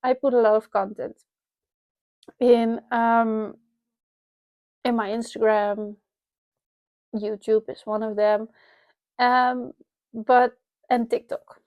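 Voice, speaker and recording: A woman's voice: fairly high pitch, level tone, takes it slowly, long pauses, a little mellow, dry recording. A woman with a Dutch accent speaking English as a second language, talking candidly and reflectively in an unscripted vlog, with many restarts. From Netherlands. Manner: candid, rambling, self-reflective with frequent restarts and laughs. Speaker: vlogger. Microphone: wireless lapel mic.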